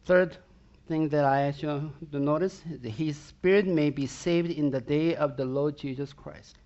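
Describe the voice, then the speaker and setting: A pastor preaches in a fairly high, darkish male voice with fairly even intonation at a normal speed, captured on a muffled recording. Emphatic and direct, he repeatedly asks the congregation rhetorically whether they're with him.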